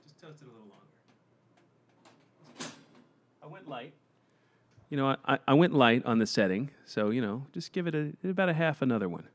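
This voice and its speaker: A man's voice: medium pitch, animated, a little fast, long pauses. A young man co-hosting a comedy podcast, teasing his partner and laughing often in casual chat. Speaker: podcast co-host.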